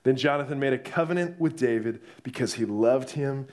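A young man preaching a sermon, telling the story in a lively way and acting out the voices. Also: medium pitch, normal speed.

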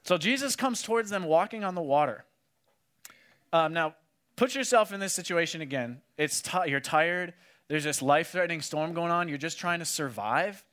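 A man preaching a casual sermon, telling the story with animated energy and acting out what people said. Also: on the high side, moderate pace. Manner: animated storytelling, acts out quotes, many "like"s. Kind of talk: casual sermon to a youth audience.

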